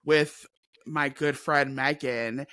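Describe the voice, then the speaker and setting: A woman co-hosting a podcast in casual chat, playful and expressive, quick with slang. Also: extremely low pitch, no echo. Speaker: podcast co-host.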